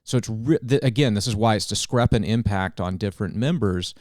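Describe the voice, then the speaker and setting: Man, policy explainer, earnest and animated, dry close sound. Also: on the low side, no echo. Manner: earnest, detailed and animated, with quick restarts. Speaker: governmental affairs director. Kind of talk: explaining policy in a podcast chat.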